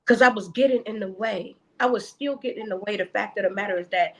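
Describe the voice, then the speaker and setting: Talking fast with few pauses, a medium-pitched woman discusses faith and caring for her mother as a podcast guest. The chat is casual and earnest, she repeats words while searching for them, and the audio is poor.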